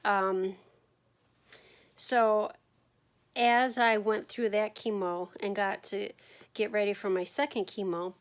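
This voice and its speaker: A woman records a personal video diary at home, speaking straight to the camera. She sounds fatigued, talking slowly with many ums and the occasional yawn, at an everyday medium pitch. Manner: frequent ums, yawning, tired and unhurried. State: fatigued from chemotherapy. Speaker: vlogger sharing her chemotherapy journey.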